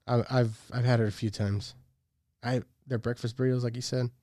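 A man's voice: medium pitch, fairly even intonation, brisk, dark tone, no echo, clean studio sound. A man in his thirties chatting casually as a podcast co-host, laid-back, swearing a lot and laughing often. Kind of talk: casual chat.

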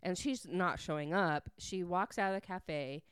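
A woman's voice: on the low side, moderate pace, clean tone, dry recording, clean studio sound. A woman casually recapping a book, chatty and gushing, with many fillers. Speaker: book reviewer.

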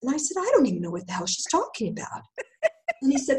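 An older woman recounts her story as a guest, her pitch climbing and falling as she acts out each exchange. She slips into other people's voices for the quoted lines and laughs her way through the telling. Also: fast, low-quality recording. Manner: animated, acts out dialogue in voices. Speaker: guest, intuitive healer. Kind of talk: storytelling in conversation.

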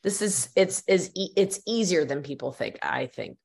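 A woman's voice: on the low side, lively intonation, moderate pace, vocal fry, darkish tone, husky. A woman hosting a podcast interview, talking enthusiastically in long run-on sentences. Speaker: podcast host. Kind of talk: conversational interview.

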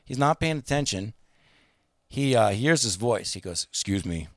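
A man's voice: medium pitch, animated, normal speed, dry recording, studio quality. A man telling a long anecdote in casual chat, rambling with many fillers and restarts and acting out the people he quotes.

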